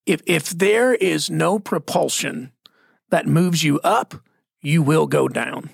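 A man's voice: fairly high pitch, slow, creaky, husky, no echo, studio quality. A man with a Texan accent talking bluntly and folksily about faith, laughing often. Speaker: Christian podcast guest. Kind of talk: casual faith discussion.

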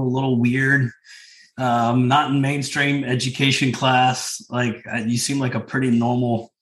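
A man talking on a podcast in an animated, casual way, swearing freely and laughing at his own stories. His voice sits at an ordinary pitch. The recording has a roomy echo around it. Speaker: business coach, podcast guest.

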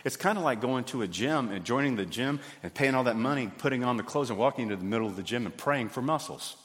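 A man, preaching a sermon in a folksy, animated way. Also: medium pitch, fast. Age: 50s. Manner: folksy, animated, acts out little scenes. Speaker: pastor. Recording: hall reverb.

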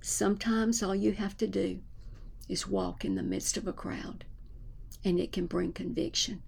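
A woman preaching a sermon with fervor, at times dropping her voice to a hushed whisper for spoken prayers. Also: mid-range voice, fairly even intonation, unhurried, creaky, breathy edge.

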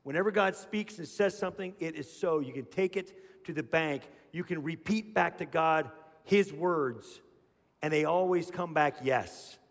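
Male pastor, middle-aged, sermon, high-pitched, animated storyteller, long reverb in a large church. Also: measured pace. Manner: animated storyteller, acts out voices.

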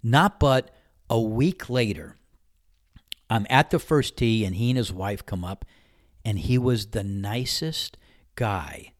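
A man's voice: fairly low pitch, slow pace, pauses often, dry recording, studio quality. A man hosting a podcast, telling a personal story in a candid, conversational way and acting out the dialogue. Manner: animated anecdote-telling, acts out dialogue; candid and conversational, mild swearing. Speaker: podcast host. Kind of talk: casual storytelling monologue.

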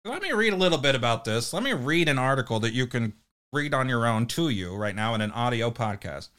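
A man's voice: medium pitch, sing-song, brisk, fairly bright tone. A man with a New Jersey accent hosting a parody podcast, reading articles aloud with stumbles and crude jokes. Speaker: podcast host.

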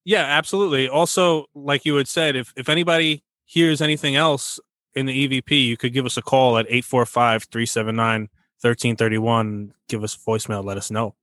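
A man hosting a podcast, talking in a relaxed, plain and brief way. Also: mid-range voice, brisk, no echo. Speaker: host. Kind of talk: casual podcast chat.

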